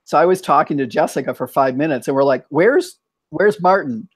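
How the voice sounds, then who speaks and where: A man's voice: mid-range voice, steady tone, quick pace, no echo. An American man hosting a casual online chat, thoughtful, often restarting his sentences. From United States. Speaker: host.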